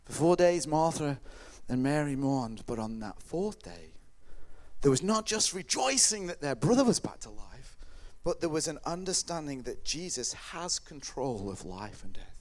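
A man's voice: fairly high pitch, very animated, moderate pace. Dramatic preacher, man. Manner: dramatic storytelling, big swings from loud to hushed. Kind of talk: sermon. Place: hall or church with a microphone.

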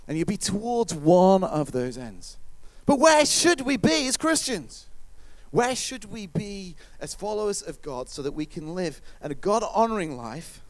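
A man's voice: sits high, measured pace. A man preaching a conversational sermon, now and then acting out what his listeners might say. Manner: lively, conversational, acts out listeners' voices.

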